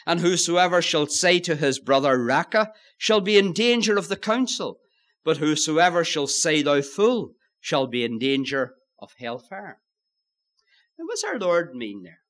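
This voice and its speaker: A man preaching a sermon, moving between loud stresses and hushed, solemn phrases. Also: a little high, big pitch swings, unhurried. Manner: old-fashioned preaching, swinging from loud emphasis to hushed.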